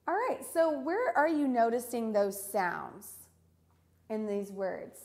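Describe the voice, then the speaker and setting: A woman teaching an online reading lesson for young children, encouraging and repeating each word slowly. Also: on the high side, big pitch swings, a little mellow.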